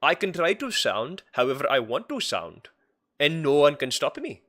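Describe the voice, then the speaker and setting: A man's voice: a little high, very animated, normal speed, a bit bright. A man putting on a raised, exaggerated voice while arguing earnestly. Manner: earnest, emphatic, argumentative. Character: man's raised put-on speaking voice, earnest.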